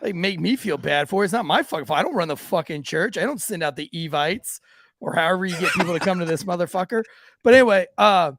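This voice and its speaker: A man's voice: sits high, animated, quick pace, a bit bright, no room sound. A man hosting a podcast, telling profane, laughing stories from police work and acting out the people in them. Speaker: podcast host, police officer. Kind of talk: casual storytelling banter.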